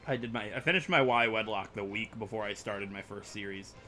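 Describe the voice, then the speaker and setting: A man's voice: lowish voice, fairly quick, sharp tone. A young man rambling through let's play commentary, chatty and self-mocking as he plays. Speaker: gaming YouTuber.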